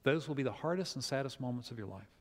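A middle-aged man preaching a sermon, telling a family story in an animated way and acting out the quotes. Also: medium pitch, quick pace. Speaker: pastor. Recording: long hall reverb.

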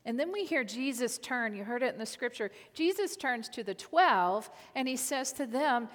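A woman's voice: a little high, animated, normal speed, few pauses. Woman preaching in an echoing hall. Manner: earnest, repeats key lines for emphasis. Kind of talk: sermon. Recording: reverberant hall.

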